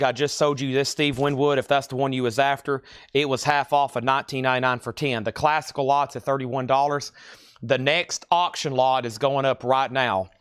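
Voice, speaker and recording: A man with a country American accent runs a live record sale, rattling off titles and prices in a quick, practiced patter. His voice sits in an ordinary middle register, and he drops in wry, joking asides between sales. The sound is close and dry, with no room echo. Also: medium pitch, fairly bright tone, clean tone. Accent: rural American country accent. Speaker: live-stream record seller.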